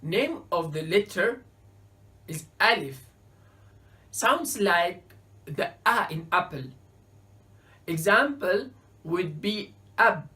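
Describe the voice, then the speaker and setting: Woman teacher, lowish voice, very slow deliberate delivery, careful letter-by-letter instruction. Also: expressive, pushed and bright. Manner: careful, spells out each letter and example word. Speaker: Arabic teacher. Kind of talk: slow beginner alphabet lesson.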